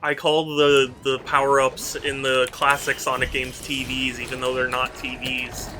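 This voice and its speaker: A man's voice: medium pitch, completely flat delivery, normal speed. Man, game streamer, casual chat, playful bickering, exasperated, noisy mic.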